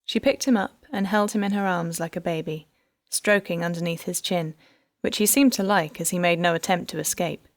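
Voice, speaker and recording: A woman reads an audiobook in a low, soft, measured voice. The sound is dry and close, with no room around it. Her narration stays calm and steady between the lines of dialogue. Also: no echo.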